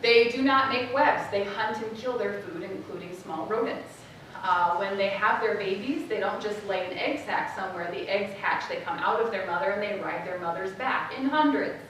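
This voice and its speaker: A middle-aged woman telling a personal story to a live audience, acting out her family's voices with big jumps in pitch. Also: normal speed, a bit bright, a little hiss or hum. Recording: echoey hall, voice from a distance.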